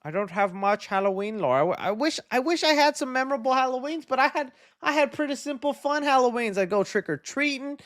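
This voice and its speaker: Male livestream host with a high, bright-pitched voice; relaxed and chatty, dry close sound. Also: fairly quick, hardly any pauses, dry recording. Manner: relaxed, friendly and chatty, trailing off often. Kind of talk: casual livestream chat, reading viewer donations.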